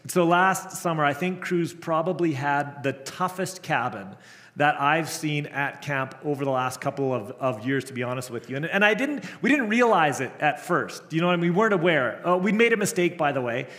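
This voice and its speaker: Middle-aged man, camp director's sermon, slightly high voice, earnest, long reverb of a hall. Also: animated, moderate pace, a bit bright. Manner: earnest storytelling with restarts.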